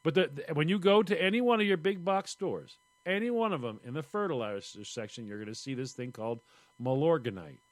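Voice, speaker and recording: A man with a bright, lively voice, fairly high for a man, swinging his pitch around as he spins a comic yarn. He jumps between characters in his anecdotes, and his voice sits dry and close with no room around it. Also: fairly quick, no echo. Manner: animated storyteller acting out quoted voices. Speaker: podcast co-host. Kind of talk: casual comedic chat.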